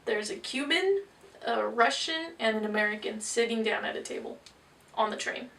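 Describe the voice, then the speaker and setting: A woman's voice: fairly high pitch, animated, gravelly, pushed and bright. A woman interpreter voicing signed jokes in a storytelling way. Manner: storytelling, brisk joke delivery. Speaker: sign language interpreter. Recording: distant mic.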